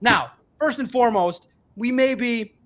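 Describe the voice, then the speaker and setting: High-pitched, profane, fired-up man. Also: a little slow, a bit bright. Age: 40s. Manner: emphatic, profane, rambling. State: a bit tipsy from beer. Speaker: sports podcaster, guest. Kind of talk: casual podcast chat.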